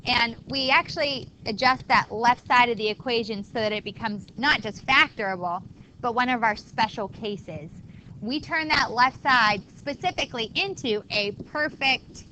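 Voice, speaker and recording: A woman's voice: a little high, normal speed, pushed and bright, a little hiss or hum, rough recording. A woman teaching a math class, explaining step by step and talking to students in a chatty way. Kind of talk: classroom lecture.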